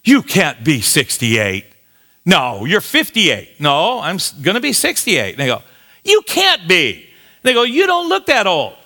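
Bright-voiced pastor in his 60s, storytelling, jumps way up in pitch when he gets going. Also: a little slow, creaky. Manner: animated storytelling, self-mocking, stumbles and repeats words. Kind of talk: sermon.

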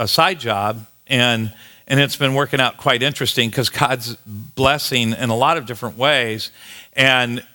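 Bright-voiced pastor in his 60s, storytelling, jumps way up in pitch when he gets going. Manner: animated storytelling, self-mocking, stumbles and repeats words. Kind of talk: sermon.

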